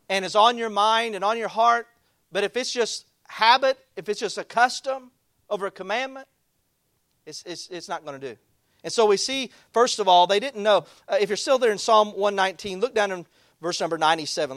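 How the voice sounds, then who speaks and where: An older man preaches in a church with a high-pitched voice. He tells homey stories in a folksy way, rising loud and dropping soft. The sound is dry and close. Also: no echo. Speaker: pastor. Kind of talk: sermon.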